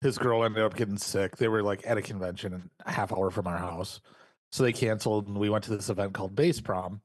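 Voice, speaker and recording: A man co-hosting a podcast in an easygoing, chatty way. His voice sits low, and the recording is dry and close, with no room sound. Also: fairly even intonation, brisk, dry recording. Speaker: podcast co-host. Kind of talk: casual chat.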